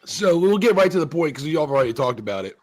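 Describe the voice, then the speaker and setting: A man's voice: a little high, very animated, quick pace. A man hosting a casual talk show, rambling profanely with many restarts as he argues his point. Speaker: podcast host. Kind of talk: casual chat.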